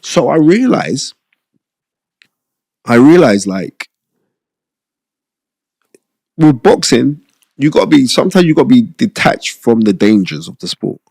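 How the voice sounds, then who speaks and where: A middle-aged former boxer, guesting on a podcast, tells stories in a casual interview and often checks in with "you know what I mean?" His mid-range, darkish voice swings widely in pitch, runs a little slow with vocal fry and long pauses, and the studio-quality audio has no echo.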